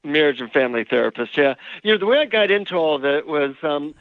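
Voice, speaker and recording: A man, an author and marriage and family therapist, telling relaxed anecdotes as a guest in an interview. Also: fairly high pitch, fast talker, no echo. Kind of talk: interview with storytelling. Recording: tinny phone line.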